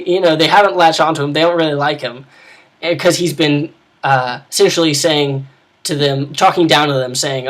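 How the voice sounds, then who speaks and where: Rambling game master, higher voice. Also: male voice, fairly even intonation, moderate pace. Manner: rambling, with many restarts and asides. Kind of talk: casual talk on running tabletop games.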